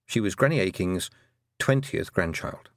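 A man narrating a children's fantasy audiobook in an expressive storytelling manner. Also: low-pitched, normal speed, no echo, studio quality. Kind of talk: scripted narration.

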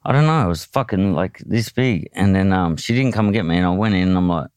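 A man's voice: low voice, quick pace, darkish tone, smooth, no echo, studio quality. An Australian man telling his own story in a candid, blunt way, swearing often and restarting his sentences. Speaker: podcast guest, boxer.

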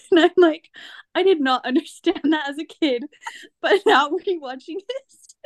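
Sitting high and taking her time, this woman's voice belongs to a podcast host in casual conversation. She giggles a lot while recounting beloved cartoon moments, quoting the characters in playful impressions.

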